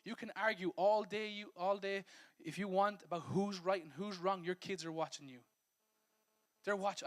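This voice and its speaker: An Irish man preaching a lively, conversational sermon as a pastor, joking and acting out little scenes. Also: high voice. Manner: lively, conversational preaching that acts out quotes and laughs at himself. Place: church service.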